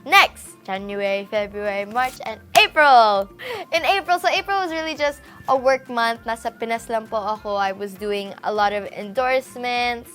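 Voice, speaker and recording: A woman's voice: on the high side, a bit bright. A young woman vlogger chatting casually through her year, mixing in Tagalog phrases. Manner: bubbly and chatty, switching between English and Tagalog. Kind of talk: casual chat.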